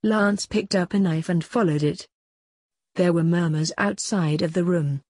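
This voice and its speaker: A woman narrating a story aloud in an even, unhurried way, with a husky voice. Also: fairly low pitch, no echo. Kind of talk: storybook reading.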